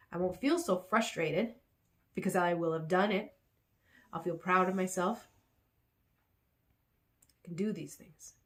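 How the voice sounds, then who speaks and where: Tired woman venting in a vlog. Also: lowish voice. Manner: venting, animated when recounting, quiet when reflecting. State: tired and sore after a workout. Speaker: vlogger. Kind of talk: rambling personal vlog.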